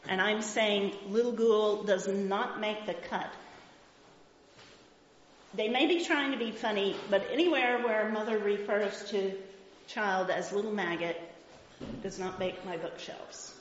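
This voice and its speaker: A woman's voice: medium pitch, a little slow, slight background noise. A middle-aged woman giving an enthusiastic, emphatic talk to a live audience and reading passages aloud, in an echoey lo-fi hall recording. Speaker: speaker.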